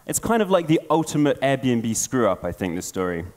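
A man speaking at a conference, telling a tale in an animated way. His pitch sits in the middle of the male range but rises and falls a great deal. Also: fairly quick. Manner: animated storyteller. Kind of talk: storytelling conference talk.

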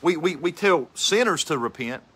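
A man's voice: on the high side, expressive, normal speed, fairly bright tone, slightly rough, poor audio. A man preaching with fervor, repeating phrases and building to emphatic peaks. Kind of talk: impassioned outdoor sermon.

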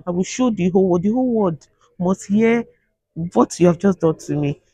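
A woman's voice: mid-range voice, expressive, normal speed, warm tone, slightly rough, no echo. A Nigerian woman vlogging with her husband, teasing and complaining in a playful way. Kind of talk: casual couple vlog banter.

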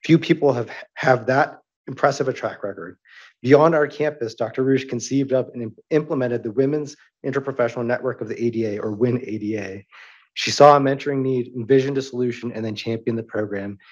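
A man hosting an academic awards session, his voice husky and a little breathy. He talks in a halting way with many pauses and restarts. The audio is dull and muffled. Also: mid-range voice. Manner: halting, with frequent ums and restarts. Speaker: event host announcing awards.

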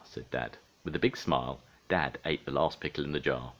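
An older man reading a children's storybook aloud in a lively, animated way. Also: extremely low pitch, normal speed, hardly any pauses.

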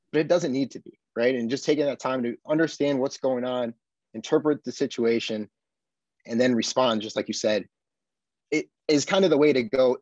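A man from the United States, a podcast guest, telling his experiences in an earnest, animated way with frequent tag questions. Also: medium pitch, no echo, lo-fi sound. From Buffalo, USA. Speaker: podcast guest, army veteran. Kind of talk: casual conversation.

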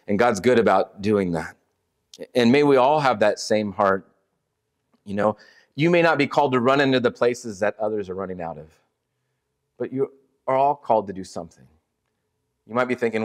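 A man's voice: medium pitch, normal speed, pauses often. A middle-aged man preaching to a church, earnest and conversational, telling a story with many restarts. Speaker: ministry leader speaking at a church. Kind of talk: sermon with storytelling.

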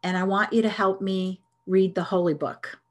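A woman's voice: mid-range voice, flat delivery, normal speed. Earnest woman telling a personal story. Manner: earnest, reflective, with hesitant restarts. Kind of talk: storytelling talk.

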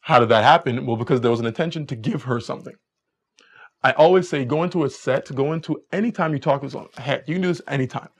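A young adult man giving a live dating lecture as a coach, energetic and chatty, acting out quoted lines in higher voices. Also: very fast, vocal fry, breathy edge.

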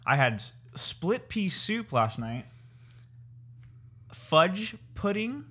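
A man's voice: high-pitched, sing-song, slow pace, pushed and bright, husky. A man in his twenties co-hosting a casual podcast chat, talking with a slight lisp from new braces in a laid-back, slangy way. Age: 20s. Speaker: podcast co-host.

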